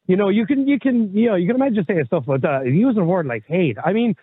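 A man's voice: high-pitched, big pitch swings, brisk, few pauses, husky. A man in his thirties co-hosting a podcast, chatting in a rambling, candid way and swearing casually. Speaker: podcast co-host. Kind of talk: casual chat. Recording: tinny phone-like line.

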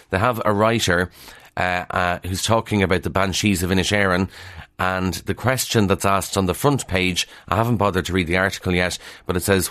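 Low-voiced Kildare Irish man reading papers. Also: a bit bright, no room sound. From Ireland. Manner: brisk and conversational, dry asides, frequent "uh" fillers. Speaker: radio presenter reviewing the morning papers. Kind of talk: newspaper review with casual asides.

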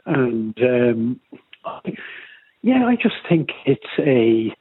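A man's voice: mid-range voice, sing-song, very slow, slightly rough. An Irish man calling in to a radio show, telling stories in a chatty way. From Ireland. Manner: chatty storytelling. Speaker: radio caller. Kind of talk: casual phone-in chat. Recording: tinny phone line.

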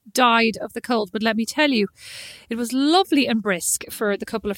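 A woman's voice: medium pitch, no room sound, clean studio sound. Chatty Irish woman in her forties. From Ireland. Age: early 40s. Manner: chatty, animated storyteller with frequent laughs. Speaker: podcast co-host. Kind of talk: casual chat.

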